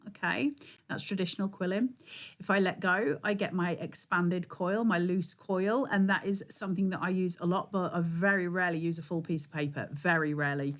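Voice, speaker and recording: A woman with a northern English accent and a slightly low voice, talking through a craft technique as she works. She explains each step plainly and chats easily on a live craft stream. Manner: explanatory, hands-on, chatty. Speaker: guest craft demonstrator.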